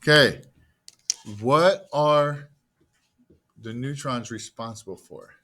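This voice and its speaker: A man's voice: medium pitch, slow pace, fairly bright tone. A man delivers a classroom lecture in an easygoing, conversational way. He keeps quizzing the students, then supplies the answers himself, and slips in playful asides along the way. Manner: asks the class questions and answers them himself; casual, jokey asides. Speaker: teacher.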